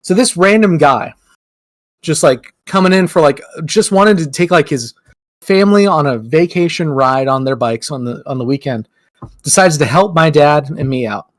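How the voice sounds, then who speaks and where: Brief: young male podcast co-host, casual rambling storyteller, slightly high voice, dry close mic. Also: expressive, normal speed, no echo. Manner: rambling, lots of "like", acts out quotes.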